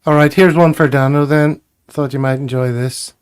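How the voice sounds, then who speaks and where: A man's voice: a little high, steady tone, moderate pace, clear, resonant tone. A man hosting a casual chat, joking and laughing at his own jokes. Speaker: podcast host.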